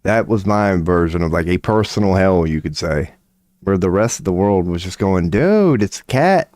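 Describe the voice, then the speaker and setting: Low-voiced toothless man streaming. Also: fairly even intonation, moderate pace, darkish tone, dry recording. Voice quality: toothless, slightly lisping when mouth is dry. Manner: loose and profane, laughing at himself. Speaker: streamer giving tarot readings. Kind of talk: casual livestream rant to chat.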